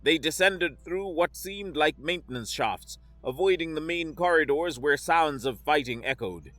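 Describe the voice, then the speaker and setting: Brief: male audiobook narrator, bright and forceful, dry close sound, soft music under it. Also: fairly high pitch, lively intonation, measured pace, no room sound. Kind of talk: scripted sci-fi narration.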